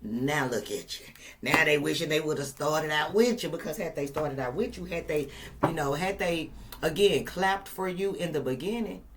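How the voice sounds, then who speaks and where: A woman's voice: sits low, normal speed, noisy background. A woman doing a casual tarot reading for her viewers, emphatic and profane, repeating lines for effect and laughing now and then. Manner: emphatic, repetitive, profane and playful. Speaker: tarot reader.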